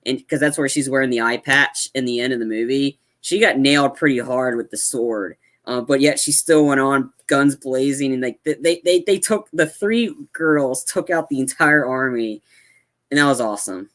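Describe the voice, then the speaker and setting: A man with a mid-range voice on a casual movie podcast, agreeing often and filling his recaps with "like" and "yeah." He restarts sentences as he works out details. The tone stays relaxed and conversational. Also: mid-range voice. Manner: halting, agreeable, lots of "like" and "yeah". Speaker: movie reviewer co-host. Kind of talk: casual podcast film review.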